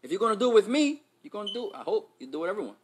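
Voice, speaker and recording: A man's voice: high voice, very animated, very fast, slight background noise. A man teaching an Islamic class, switching between Arabic and English, quizzing his students and joking with street slang. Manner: playful, street slang mixed in.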